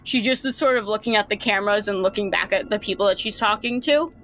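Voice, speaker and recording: A woman's voice: medium pitch, quick pace, a bit bright. A woman running a tabletop game as game master, narrating casually with lots of "like" and "um". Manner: casual, rambling narration with fillers.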